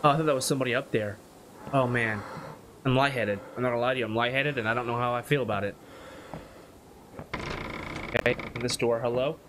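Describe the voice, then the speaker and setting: A man's voice: mid-range voice, a little fast, pauses often, noisy background. A man giving nervous commentary while playing a horror game, muttering repeated worries and breaking into sudden yelps. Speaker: gaming YouTuber.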